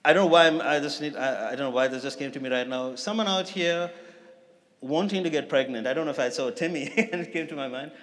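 A man's voice: a little high, fast talker, a bit bright. A man giving a sermon as guest preacher, talking casually with asides and self-corrections. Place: church hall. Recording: long reverb of a church hall.

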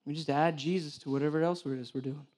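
Talking quickly in a fairly high voice, the man preaches a sermon packed with lively stories. He performs the characters' lines himself and banters with the congregation, speaking as a church director.

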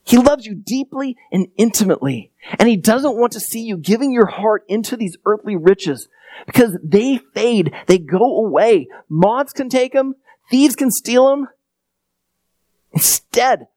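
A man's voice: high-pitched, expressive, moderate pace, darkish tone, no room sound. A male pastor preaching a conversational sermon and restarting with repeated words.

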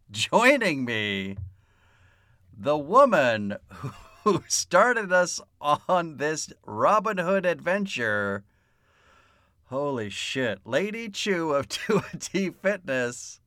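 A man hosts a podcast in a playful, emphatic way, laughing as he talks. His voice sits a little high, with lively swings in pitch and an unhurried pace. The tone is bright and the recording is dry. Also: no room sound. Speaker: podcast host. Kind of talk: casual podcast hosting.

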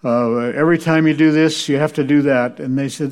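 A man's voice: fairly high pitch, steady tone, a little fast, darkish tone. Male church lecturer, wry storyteller with a slightly raised voice. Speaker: preacher and church history lecturer. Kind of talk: lecture with humorous anecdotes.

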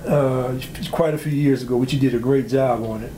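A man conducts an oral history interview in a mellow, low-key voice. He stops and restarts his questions as he works toward them, and a faint ambient hiss sits under him. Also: fairly even intonation, a little fast, echoey room, rough recording.

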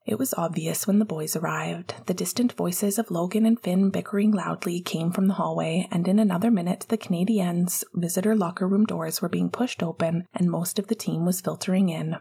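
Husky, creaky woman reading softly. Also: fairly low pitch, brisk, few pauses. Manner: soft, often whispering. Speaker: audiobook narrator. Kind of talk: fan fiction audiobook narration, partly whispered.

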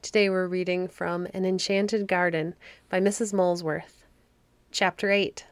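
A woman narrating a fairy story for a podcast in a soft, cozy, unhurried manner. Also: fairly low pitch, little pitch movement, dry recording, faint music behind.

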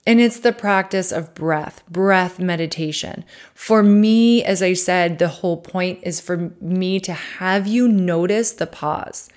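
A woman podcast host and coach leading a guided breathing meditation, talking softly and calmly and counting breaths aloud. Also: fairly low pitch. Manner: slow, soft and calm, counting breaths aloud.

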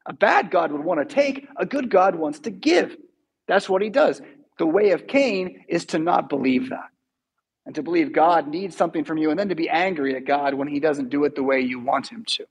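A man's voice: on the high side, expressive, normal speed, vocal fry, slightly rough. A man preaching a sermon in a church, telling stories in a casual, conversational way. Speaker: pastor.

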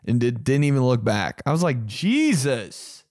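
A young man telling comic stories on his podcast, animated and profane, squeaking high to imitate a beeping alarm. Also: fairly quick, no echo, studio quality. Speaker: comedian podcast host. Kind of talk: casual comedic storytelling.

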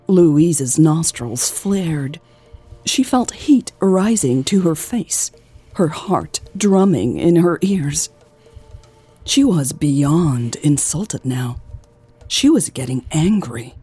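A woman host narrating a scripted audiobook in a calm, measured way. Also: deep voice, breathy edge, dry recording, faint music behind.

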